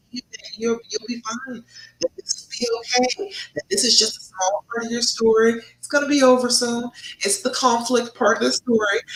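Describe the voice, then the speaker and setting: A woman relationship coach giving an emphatic live-streamed talk, swinging between loud and soft as she makes her points. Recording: echoey room with faint rumble.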